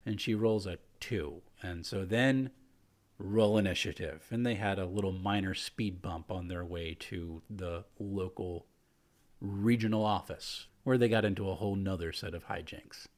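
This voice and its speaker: A man who is a game master, telling a story from his tabletop game in a relaxed, chatty way with fillers. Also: low voice, normal speed. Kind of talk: casual storytelling.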